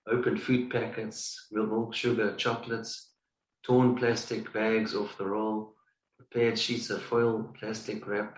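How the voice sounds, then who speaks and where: A man reading aloud from a book in a study session, halting with restarts. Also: lowish voice, echoey room, recorded from a distance, rough recording. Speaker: study partner.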